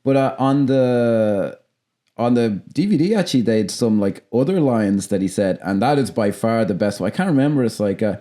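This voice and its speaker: A man with a Dublin accent, co-hosting a podcast in casual film chat, animated and sweary, acting out quotes as he goes. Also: medium pitch, moderate pace. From Ireland. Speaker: podcast co-host.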